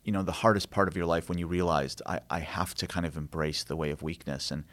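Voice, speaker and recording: Low-voiced guy telling stories on a podcast, earnest and reflective, lots of ums and restarts. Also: steady tone, fast talker, a bit bright. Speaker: author and guest. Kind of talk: conversational storytelling.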